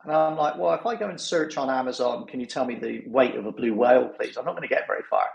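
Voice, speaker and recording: A man hosting a casual podcast chat, talking in an animated way and acting out what others said. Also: medium pitch, fast, gravelly, roomy sound, dull audio. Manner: animated, mimics others in quotes. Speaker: newsletter host.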